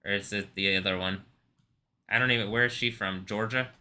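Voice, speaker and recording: A man's voice: lowish voice, fairly even intonation, a little fast, sharp tone. A man hosting a live stream, chatting casually in a rambling way, laughing often and swearing freely. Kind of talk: casual reaction stream commentary.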